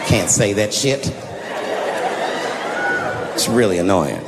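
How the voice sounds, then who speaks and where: A man's voice: lowish voice, lively intonation, takes it slowly. Man doing stand-up in a reverberant hall. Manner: storytelling with punchy asides. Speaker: stand-up comedian. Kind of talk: stand-up routine. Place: comedy stage in a large venue. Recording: reverberant hall with loud crowd noise. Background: audience laughter.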